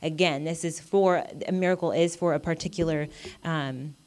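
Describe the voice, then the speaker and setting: A woman's voice: sits low, fairly even intonation, moderate pace, a little mellow. A woman giving a casual, earnest Bible teaching, talking conversationally with lots of "you know" and "like". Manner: earnest and encouraging.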